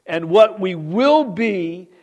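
A man preaching with a high, lively voice. He reads scripture loudly, then drops low and quiet for asides. He keeps asking his listeners questions. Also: takes it slowly, dull audio. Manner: animated preaching, rising loud on scripture and dropping low for asides; asks the congregation questions. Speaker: pastor. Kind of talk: sermon.

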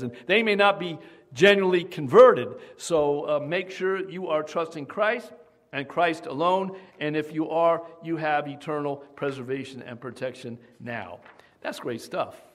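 A man preaching a sermon as pastor, emphatic and often asking the congregation questions. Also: medium pitch.

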